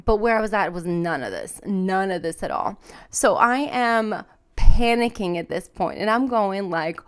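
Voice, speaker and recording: Woman, podcast host, casual storytelling, rambling, animated, smooth clear voice. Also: a little slow. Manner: animated, rambling, lots of fillers and restarts; acts out her own panicked voice in high pitch.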